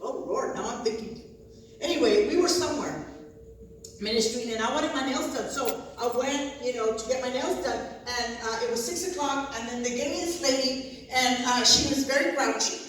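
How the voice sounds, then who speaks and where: A woman minister telling a humorous faith testimony, animated and often laughing as she acts out dialogue. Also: high voice, moderate pace. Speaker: Christian minister. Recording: echoey hall, distant mic, noisy.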